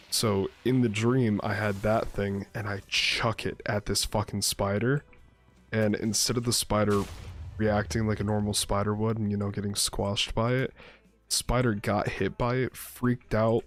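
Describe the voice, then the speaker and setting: A man chatting casually while playing a game, telling rambling stories full of swearing. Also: fairly low pitch. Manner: rambling, profane, laid-back storyteller. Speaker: streamer playing a survival game. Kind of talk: casual gameplay chat and storytelling.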